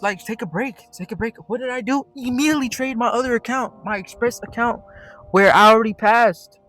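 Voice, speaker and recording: A man's voice: fairly high pitch, a bit bright. A young man telling a story in a casual, rambling monologue, swearing often and restarting his sentences. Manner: profane, rambling, many restarts. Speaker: day trader vlogger. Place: at work.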